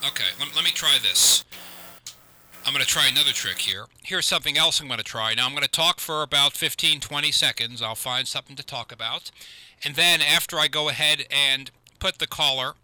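A man's voice: mid-range voice, fairly quick, sharp tone, poor audio. A man hosting a live call-in radio show, talking close to a studio mic, earnest and repeating himself with many restarts. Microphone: close studio microphone.

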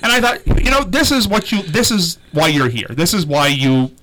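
A man's voice: fairly high pitch, sing-song, moderate pace, bright, forceful tone, a little hiss or hum, rough recording. A middle-aged man hosting a casual chat show, teasing his guests and laughing often. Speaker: show host.

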